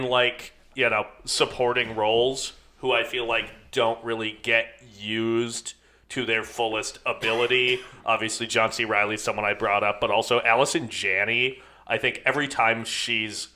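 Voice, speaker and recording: A man's voice: mid-range voice, fairly even intonation, a little slow, bright, forceful tone. A man co-hosting a film podcast in casual chat, thoughtful and hedging with plenty of filler words.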